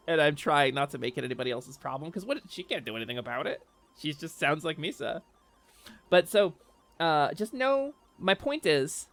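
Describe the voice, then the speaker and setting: Woman, 30s, streamer, voice-changed, candid and halting, gravelly edges, soft game music behind. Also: low-pitched. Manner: earnest and candid, hesitant with frequent restarts. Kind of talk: casual livestream chat, reading chat aloud.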